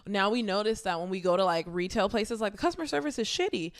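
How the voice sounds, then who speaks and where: A young woman co-hosting a laid-back podcast, spinning workplace stories with lively energy. She is frank and outspoken, curses casually, and slips into the voices of the people she quotes. Her pitch sits in a middle register. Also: fast talker. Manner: animated storyteller who acts out quoted exchanges. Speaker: podcast co-host. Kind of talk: casual chat.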